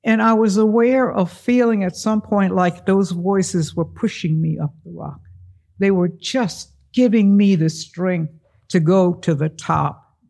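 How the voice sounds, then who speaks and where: A man with a slightly higher-than-usual voice and a gravelly texture tells a personal story to a live audience. He is animated and acts out the other voices in the tale. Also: takes it slowly.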